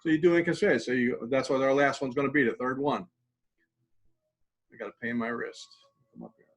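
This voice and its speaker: Man calmly guiding a tapping exercise. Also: mid-range voice, fast talker, pauses often, rough recording. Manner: conversational, repeats phrases while demonstrating, drops to quiet murmurs. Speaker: mindfulness instructor.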